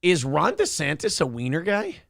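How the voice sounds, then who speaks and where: A man's voice: on the high side, wildly swooping pitch, normal speed, creaky, a bit bright, no room sound, studio quality. A man co-hosting a morning talk show, chatting casually, joking, swearing and reading out viewer comments. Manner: loose, swearing, jokey, reads viewer comments aloud. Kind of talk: casual chat.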